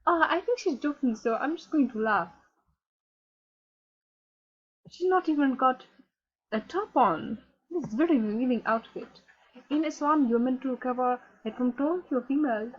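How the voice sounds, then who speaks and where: Woman doing a pious Somali immigrant gamer, Somali accent, broken English, moralizing, high husky voice, muffled recording. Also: lively intonation, normal speed. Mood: scandalized. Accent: put-on Somali accent. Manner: preachy, scandalized, broken English. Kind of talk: in-character troll gameplay commentary. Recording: dull lo-fi recording.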